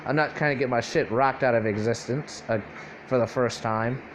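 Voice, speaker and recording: A man's voice: medium pitch, fairly even intonation, normal speed, slight background noise. A young man casually improvising a fan-fiction story aloud, rambling and profane, full of fillers and self-corrections.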